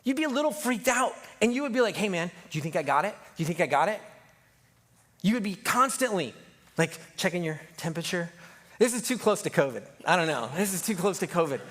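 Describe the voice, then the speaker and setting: A man delivers a sermon in a loose, conversational way. His voice sits notably high for a man. He jokes with the room and slips into quick voices when he quotes people. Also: a bit bright. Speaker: pastor.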